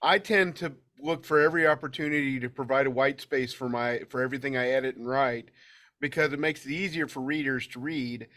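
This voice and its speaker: A man who works as an editor, speaking on a writing panel in a relaxed, chatty way with a few restarts. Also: medium pitch, brisk. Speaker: editor and writer. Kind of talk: conversational panel talk.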